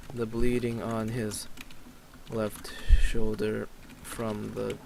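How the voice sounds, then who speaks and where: A man's voice: fairly low pitch, level tone, extremely slow, gravelly, a little hiss or hum. A young man casually narrating an online roleplay session, reading the chat aloud with hesitant fillers. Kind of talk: casual let's play narration.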